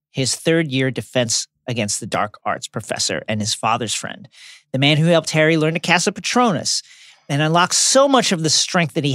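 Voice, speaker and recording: A podcast co-host retells a book's chapters from a script, dramatic and acting out quotes. His medium-pitched voice has a fairly bright tone, in a dry, studio-quality recording.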